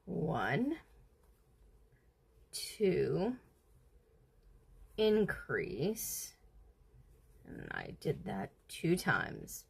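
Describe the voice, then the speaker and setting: Woman on a crochet livestream, slow and lively, counts stitches half under her breath, dry close sound. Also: deep voice, creaky, breathy edge, no echo. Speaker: livestream host. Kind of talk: casual crochet livestream chat.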